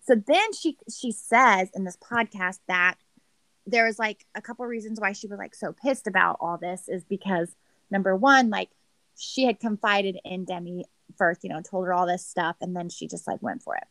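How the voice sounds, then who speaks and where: A woman's voice: medium pitch, normal speed, fairly bright tone, no echo. Chatty gossiping woman, dry mic. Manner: chatty, gossipy, heavy use of "like". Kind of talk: casual reality-TV recap chat.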